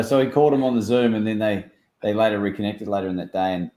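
An Australian man chatting as a guest, an animated storyteller who acts out quoted dialogue. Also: fairly low pitch, quick pace, echoey room. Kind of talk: casual chat.

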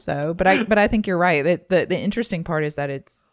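A podcast co-host with a slight Southern US drawl talks in an easygoing, relaxed way. The voice is calm and soothing, with a strong gravelly fry. The sound is dry and close to the mic. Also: mid-range voice, fast talker, no echo. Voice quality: calm voice that listeners find soothing. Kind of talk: casual chat.

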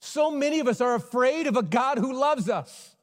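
High-voiced preacher man in a reverberant church. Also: animated, normal speed. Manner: earnest personal storytelling, softening to near hush for tender moments. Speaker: pastor. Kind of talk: sermon. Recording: long church hall reverb.

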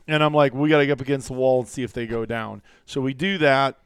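A man's voice: mid-range voice, fast, clean tone, no echo, clean studio sound. A man co-hosting a casual hunting podcast, telling stories and acting out what people said. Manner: animated storyteller acting out quotes. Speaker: podcast co-host.

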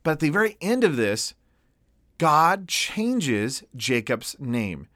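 A man preaching a storytelling sermon, animated and laughing as he retells a story. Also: a little high, slow, dry recording, clean studio sound.

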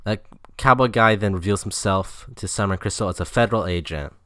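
A man's voice: lowish voice, brisk, bright, forceful tone, no room sound, clean studio sound. A man co-hosting a casual podcast, recapping a movie plot in a laid-back way with fillers. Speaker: podcast co-host.

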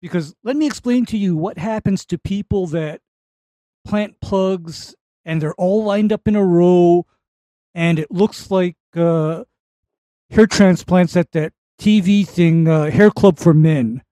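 A man's voice: high voice, measured pace, warm tone, no echo. A man co-hosting a live lawn-care call-in show, giving laid-back advice step by step. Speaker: co-host answering lawn care calls. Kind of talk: casual call-in show talk.

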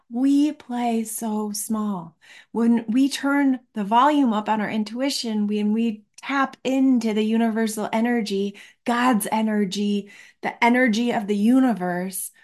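A woman's voice: mid-range voice, darkish tone. Earnest woman podcast host coaching. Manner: earnest, slows down to stress key words. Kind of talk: reflective motivational podcast monologue.

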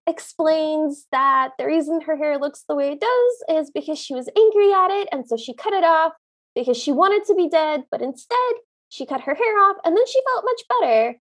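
A woman with a high voice recaps a film in casual podcast banter. Her humor is wry and deadpan. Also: moderate pace. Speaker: podcast co-host. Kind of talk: comedic movie recap chat.

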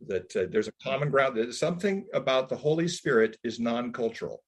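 A man's voice: medium pitch, lively intonation, a little fast. A man interviewing a pastor, musing and thinking aloud about church and culture. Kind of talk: reflective interview talk.

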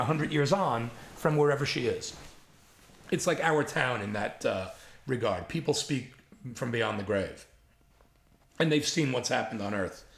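Older man, 60s, New York accent, gravelly voice, animated storyteller, roomy echo. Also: mid-range voice. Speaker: guest, writer. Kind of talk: storytelling interview.

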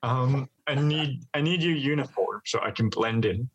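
A man's voice: mid-range voice, moderate pace, husky, poor audio. A man playing a tabletop game, bantering cheekily in character. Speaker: player.

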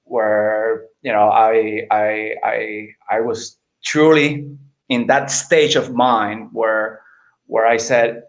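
A middle-aged man speaking as an interview guest, earnest and halting, often repeating words as he searches for them. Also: mid-range voice. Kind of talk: candid personal interview.

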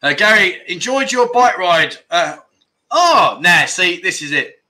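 Bright-voiced London man hosting a chat show. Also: sits high, big pitch swings, measured pace. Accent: London English. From London, England. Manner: chatty and jokey, rambling with restarts and laughs. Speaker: livestream chat show host. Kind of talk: casual livestream chat, reading out viewer comments. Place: living in Thailand.

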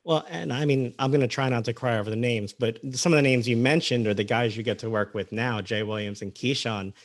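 A man's voice: mid-range voice, brisk, no echo, clean studio sound. A man hosting a sports radio show, asking a guest questions in a friendly, conversational way. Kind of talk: casual radio interview.

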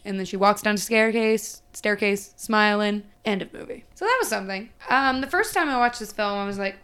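A woman's voice: mid-range voice, expressive, normal speed, hardly any pauses, a bit bright, clear, resonant tone. A woman hosting a podcast who chats casually, recaps a film sarcastically, swears freely and acts out the characters. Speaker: podcast host.

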